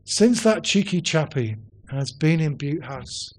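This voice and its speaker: A man, a politics professor, lecturing on poll data in a hall, brisk and dryly witty with emphatic stresses and frequent ums. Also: a little high, expressive, a little mellow.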